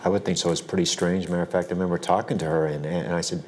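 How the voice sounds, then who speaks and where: Very deep-voiced middle-aged man. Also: steady tone, very fast, a little hiss or hum. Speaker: interview guest.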